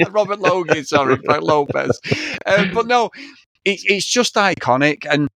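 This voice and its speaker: A man's voice: high-pitched, expressive, measured pace, creaky, crowd noise. A man co-hosting a podcast, giving blunt, sweary opinions in casual film chat. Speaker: podcast co-host.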